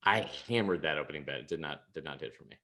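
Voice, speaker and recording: A man's voice: extremely low pitch, fast talker, sharp tone. A young man co-hosting a sports podcast, chatting casually, rambling with lots of restarts and swearing. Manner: rambling, swears a lot, many restarts, laughs at himself. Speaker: podcast co-host. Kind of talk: casual chat.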